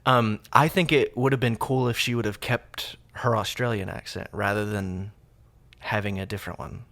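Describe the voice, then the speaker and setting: A man's voice: lowish voice, fairly even intonation, normal speed, creaky, a bit bright. An American man hosting a casual podcast chat, chatty and full of ums, often laughing. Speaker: podcast host.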